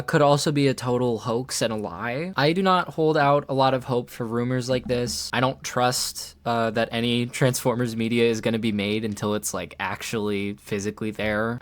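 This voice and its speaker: A woman giving casual, chatty commentary on toy news, wry and gushing by turns. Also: very deep voice.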